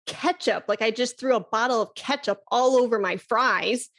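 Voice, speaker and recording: Upbeat, fairly high-voiced woman flute teacher. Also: moderate pace, a bit bright. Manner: enthusiastic, chatty, laughs often. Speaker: flute teacher and podcast guest. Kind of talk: casual podcast conversation.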